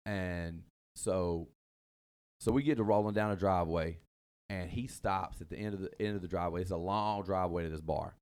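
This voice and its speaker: Deep-voiced man rambling through a story. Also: steady tone, normal speed, a little mellow, clean tone. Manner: rambling, meandering, full of fillers and asides. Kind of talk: casual storytelling chat.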